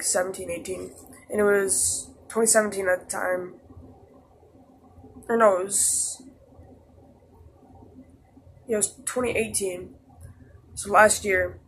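A man's voice: sits high, fairly bright tone, slight background noise. A teenage boy vlogging a casual storytime, rambling with lots of "like" and restarts. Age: teens. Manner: rambling, heavy use of "like" and restarts.

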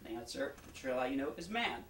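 A man in a relaxed storytelling mode retells the backstory of a play before curtain and talks straight to the audience. His voice sits at an ordinary middle pitch. It is captured from a distance in a roomy space with a faint hum underneath. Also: quick pace. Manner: chatty, storytelling, addresses the audience. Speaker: actor introducing a play. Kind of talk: casual pre-show talk.

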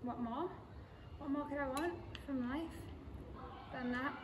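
A woman's voice: high voice, steady tone, a little slow, noisy background. A young woman vlogging outdoors on her phone by a pond, dreamy and delighted, laughing often. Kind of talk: casual outdoor vlog. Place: outdoors by a pond in abbey grounds.

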